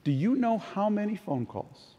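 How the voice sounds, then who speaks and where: A man's voice: sits high, sing-song, normal speed, lo-fi sound. An older man giving a conference keynote talk, telling anecdotes in a conversational way. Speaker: keynote speaker. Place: large conference hall. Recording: long hall reverb.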